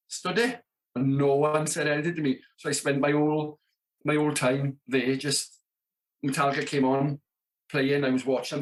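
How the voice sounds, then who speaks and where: A South Welsh man in his thirties, a rock drummer telling tour stories as a podcast guest, acting out the dialogue with lots of "you know what I mean". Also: on the high side. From Wales, Merthyr Tydfil area. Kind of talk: casual storytelling.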